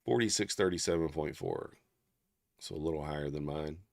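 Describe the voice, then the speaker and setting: A man's voice: extremely low pitch, fairly quick, creaky, darkish tone, no echo, studio quality. A man hosting a live trading stream, thinking aloud in casual, half-murmured commentary. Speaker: trading livestream host.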